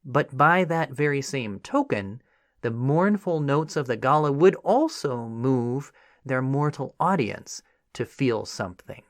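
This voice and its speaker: Speaking at a medium pitch and a little slowly, this history podcast host is captured in a dry, clean studio recording. He reads his script in an animated, conversational way, often breaking off for "you know" asides.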